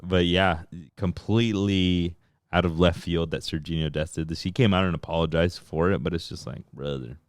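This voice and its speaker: Guy cohosting a soccer podcast, deep smooth voice, swears a lot, dry close sound. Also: normal speed, dry recording. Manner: animated, swears, mimics players in a high voice. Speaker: podcast co-host. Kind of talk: casual soccer chat.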